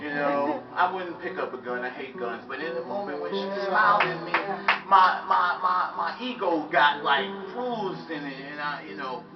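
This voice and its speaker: A man performs spoken word, telling a casual story to a live audience over loud music. His voice is a little high, with a moderate pace and hardly any pauses, and he gets loud when acting out shouts. The lo-fi live recording was made from a distance and sounds roomy.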